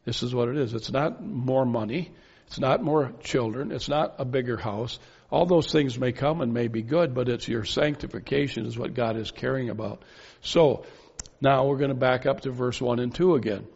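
A man preaching a sermon, pressing his points with emphatic rhetorical questions and slow, stressed phrases. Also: medium pitch, creaky, darkish tone, slightly rough. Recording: dull lo-fi sound with long reverb in a hall.

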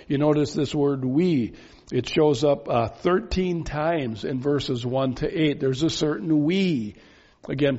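Gravelly preacher in an echoing hall. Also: male voice, a little high, darkish tone. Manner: emphatic rhetorical questions, slow stressed phrases. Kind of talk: sermon. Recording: dull lo-fi sound with long reverb in a hall.

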